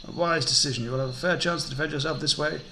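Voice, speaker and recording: A man's voice: on the high side, very fast, bright, forceful tone, slight background noise. A man voicing a stern city guard officer in a game, giving formal, commanding orders.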